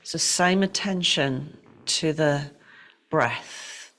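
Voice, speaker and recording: A middle-aged woman teaching yoga and breathwork, giving calm, unhurried, gently directive cues for breathing and movement. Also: sits low. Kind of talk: guided breathwork and yoga instruction.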